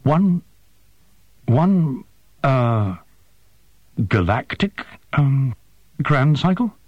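A man voicing a bewildered, hoarse man who has just been brought back to life. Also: medium pitch, big pitch swings, drawn-out words, no echo, highs cut off, voice pushed up, exaggerated voice. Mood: dazed, hoarse. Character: weakened young man just revived, bewildered. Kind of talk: audiobook character voice.

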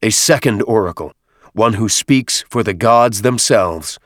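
Give me a barking, proud alien chieftain, as a male narrator puts him on, deep and dry. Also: unhurried, no room sound, natural voice. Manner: growling, barking commands.

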